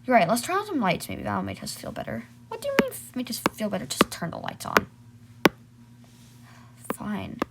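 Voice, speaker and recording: A woman's voice: medium pitch, huge pitch swings, normal speed, long pauses. A woman telling a homemade role-play story, switching between voices of bickering siblings. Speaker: storyteller voicing all characters. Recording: loud background noise.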